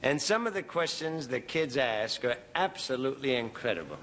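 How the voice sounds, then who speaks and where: A man's voice: medium pitch, sing-song, normal speed, a bit bright, a little hiss or hum. A man hosting a television variety show, chatting in a playful, coaxing way.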